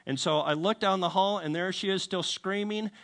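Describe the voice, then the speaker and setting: During a sermon, a man with a high-pitched voice, speaking at normal speed, shares a funny story at his own expense. He's an animated preacher who performs the voices of each character.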